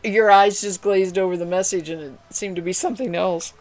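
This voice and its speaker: A woman's voice: medium pitch, steady tone, fairly quick, darkish tone, soft background music. A woman hosting a spinning livestream, chatting casually and reading viewer messages aloud in a friendly, rambling way. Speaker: livestream host.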